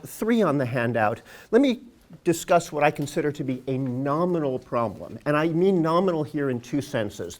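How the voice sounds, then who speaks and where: Guy lecturing in a room, wry, wanders off on tangents, mid-pitched voice. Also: a little mellow. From United States. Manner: wry, digressive, emphatic. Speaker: guest lecturer, linguist. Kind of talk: academic lecture.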